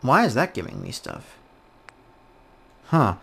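Excitable gaming dude talking over his playthrough, voice bouncing all over. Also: mid-range voice, slow, gravelly, breathy edge. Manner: excitable, swings from mumbling to loud outbursts. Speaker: gaming YouTuber. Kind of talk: casual let's-play commentary.

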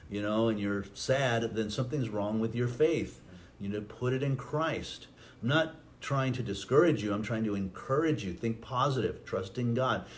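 A man's voice: fairly low pitch, a little hiss or hum. A man preaching a sermon as pastor, acting out quoted lines with a lifted voice. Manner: preaching, acts out quotes with rising voice.

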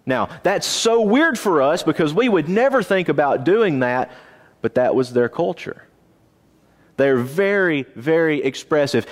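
A man teaching a Bible class in a church auditorium, lively and questioning his listeners. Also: a little high. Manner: animated, asks the class questions. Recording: long reverb of a church auditorium.

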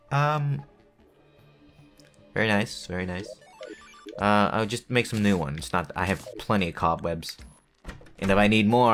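A man's voice: on the low side, a bit bright. A man giving rambling, jokey commentary to himself while playing a building game. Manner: rambling, self-talking, jokey asides. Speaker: gaming video creator. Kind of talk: casual gameplay commentary.

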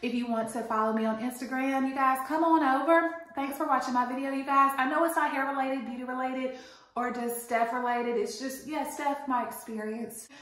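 A woman tells an animated, indignant storytime rant. Her voice sits a little high. The sound bounces around a very echoey room. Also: normal speed. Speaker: vlogger.

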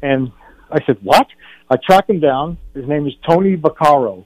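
A man's voice: a little high, animated, normal speed, darkish tone, no room sound. An older man, a film director guest on a radio show, telling a personal story in an earnest way, often restarting his sentences. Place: radio studio. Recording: dull radio broadcast.

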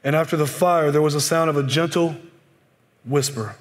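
A pastor in his forties giving a conversational sermon, often dropping to a soft, hushed voice. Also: on the high side, moderate pace. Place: church sanctuary. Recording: long church-hall reverb.

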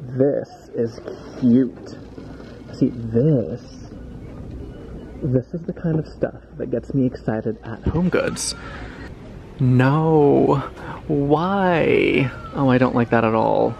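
A young man talking through a shop-with-me vlog in a home decor store, chatty and animated with dramatic reactions. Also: mid-range voice, takes it slowly, vocal fry, muffled recording, slight background noise. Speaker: lifestyle vlogger.

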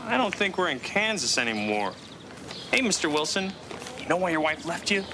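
A man's voice: fairly high pitch, big pitch swings, moderate pace. An actor playing an annoying young man who talks only in glib catchphrases in a sketch parodying a commercial. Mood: smug. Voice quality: smug, glib catchphrase patter. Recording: noisy clip played from a TV sketch.

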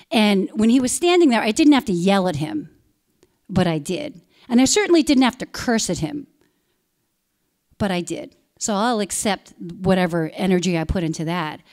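A woman's voice: fairly low pitch, darkish tone. A young woman telling a personal story on stage, candid and emphatic, swearing freely. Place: stage at a community event.

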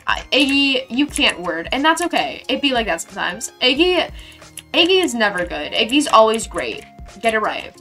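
A woman's voice: fairly high pitch, sing-song, normal speed, bright, forceful tone, faint music behind. A young woman live streamer chatting casually while building in a game, bubbly and playful, gushing thanks to her viewers.

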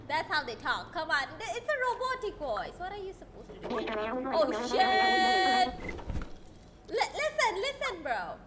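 Young woman streamer, high and lively, unhurried, noisy background; chatty live play. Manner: excitable, chatty, reads game lines aloud. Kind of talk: live game commentary.

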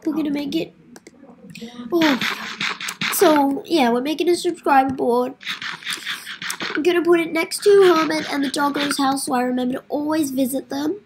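A gaming channel host plays through a game casually, addressing her viewers directly in a melodramatic style. Her voice sits high and she speaks at normal speed with long pauses, with background noise present.

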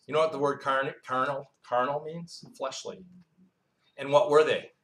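A man's voice: medium pitch, steady tone, moderate pace, a bit bright. Man preaching in an echoey room. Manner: quizzes the congregation, asks and answers its own questions; conversational, with asides and storytelling. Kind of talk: Bible-teaching sermon. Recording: roomy echo.

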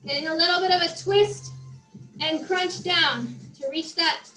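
A woman's voice: very high-pitched, measured pace, bright, forceful tone, echoey room, rough recording. A woman fitness instructor leading a workout class, out of breath as she exercises and counts down the reps. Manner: encouraging, counts down reps, talks while exercising. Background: faint music.

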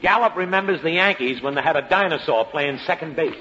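A man's voice: a little high, a little fast. A man hosting a 1940s radio comedy, firing off insult jokes and laughing at his own gags. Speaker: comedian host. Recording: noisy dull old radio broadcast with audience. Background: studio audience laughter.

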